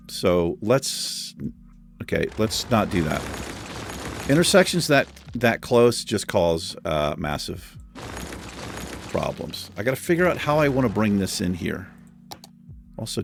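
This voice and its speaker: A man's voice: fairly low pitch, creaky. A man hosting a let's play, talking through his building with joking, self-deprecating asides and frequent chuckles. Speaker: gaming channel host.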